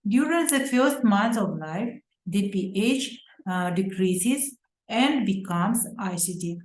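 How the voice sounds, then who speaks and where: Slow, careful woman lecturing in an echoey room. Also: medium pitch, darkish tone. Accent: Uzbek. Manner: careful, deliberate reading with hesitant fillers and self-corrections. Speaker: medical lecturer. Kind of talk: slide lecture on pediatrics. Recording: roomy echo.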